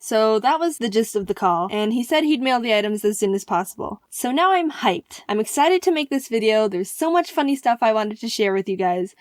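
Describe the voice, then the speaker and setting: A woman telling a funny personal story in an animated, playful style, with quick jokes. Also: fairly high pitch, no echo, clean studio sound.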